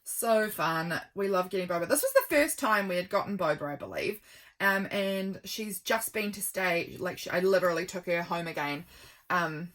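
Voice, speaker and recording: A woman's voice: fairly low pitch, a bit bright. Chatty, rambling woman vlogger. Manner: rambling and affectionate, with frequent ums. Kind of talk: chatty journal flip-through.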